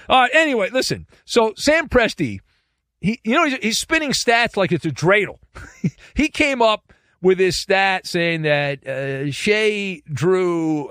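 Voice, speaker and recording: A man's voice: on the high side, a bit bright, dry recording, studio quality. A man hosting a sports talk show, giving opinionated commentary in a sarcastic, mocking way.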